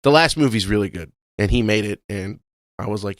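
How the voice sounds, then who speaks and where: A man with a lowish voice, co-hosting a podcast and chatting casually. He rattles off quick, laid-back remarks. The sound is dry and close. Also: dry recording. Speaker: podcast co-host. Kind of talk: casual chat.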